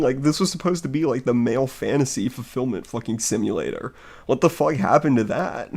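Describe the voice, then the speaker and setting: Gravelly young dude streaming, crude jokes, rambles a lot. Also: male voice, medium pitch, lively intonation, fairly quick, a little mellow. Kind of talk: casual gaming commentary.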